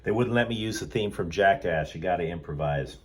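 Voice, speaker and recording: A man's voice: deep voice, brisk, very noisy. A man hosting a sports channel, talking in a sarcastic, rambling monologue from a hotel room. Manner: sarcastic, rambling, sardonic asides. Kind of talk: snarky sports commentary monologue.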